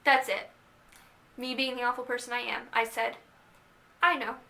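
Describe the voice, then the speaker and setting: A young woman casually telling the story of how she started dating, chatty and animated, quoting herself and others as she goes. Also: fairly high pitch, moderate pace, gravelly. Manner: chatty, animated retelling with quoted asides. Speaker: vlogger.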